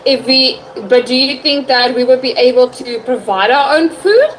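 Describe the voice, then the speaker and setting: A woman with a high voice teaches English online, asking questions and praising her student. A faint noise sits under her speech. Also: expressive, moderate pace, low-quality recording. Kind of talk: online tutoring session.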